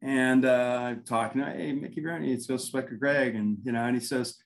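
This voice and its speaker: A man's voice: mid-range voice, a little fast, rough recording. A man, a paranormal investigator, telling anecdotes in a casual interview, rambling and acting out quoted dialogue.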